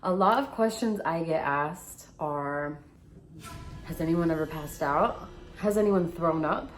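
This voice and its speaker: A woman's voice: low-pitched, measured pace, soft background music. A young woman, a tattoo artist, telling stories in a casual vlog and acting out the voices of the people in them. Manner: animated storyteller, reenacts voices.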